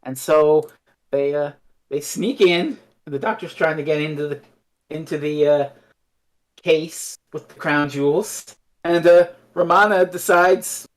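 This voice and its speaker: A man's voice: a little high, unhurried. A man co-hosting a podcast, recapping an episode in casual chat and briefly acting out the characters. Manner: animated, acts out characters mid-recap. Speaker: podcast co-host.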